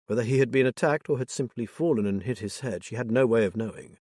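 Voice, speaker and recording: A man narrating a thriller audiobook in a measured, even reading. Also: mid-range voice, breathy edge, dry recording, studio quality. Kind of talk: scripted narration.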